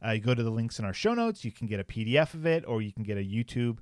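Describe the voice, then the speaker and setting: A man's voice: medium pitch, animated, rapid-fire. A man co-hosting a podcast, casually reading a news article aloud, with frequent fillers and joking asides. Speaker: podcast co-host.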